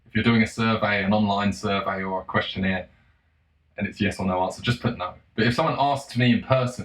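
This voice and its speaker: A man in a casual monologue, profane and sarcastic, breaking into mocking shouts. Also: fairly low pitch, fairly even intonation, brisk. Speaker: solo commentator. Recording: roomy echo.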